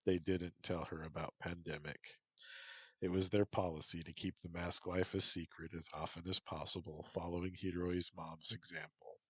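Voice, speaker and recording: A man narrates a story in a slow, steady reading. His voice is deep and husky. The sound is dry and close. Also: no echo, poor audio.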